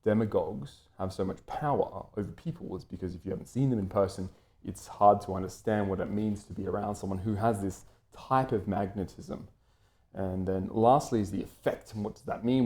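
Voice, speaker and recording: A man's voice: fairly low pitch, darkish tone. A man from Britain talking through an unscripted, lecture-style commentary, wordy and full of fillers and restarts.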